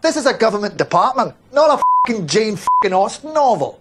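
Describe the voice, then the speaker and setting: A woman's voice: medium pitch, sing-song, brisk, a bit bright, slight background noise. An actress playing a furious Scottish woman government official who scolds and swears.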